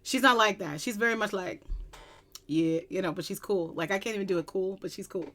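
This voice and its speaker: A woman from Long Island, chatting casually as a music reaction vlogger at her computer, excitable and giddy, with bursts of squealing. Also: mid-range voice, fast talker. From Long Island, New York. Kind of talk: casual chat.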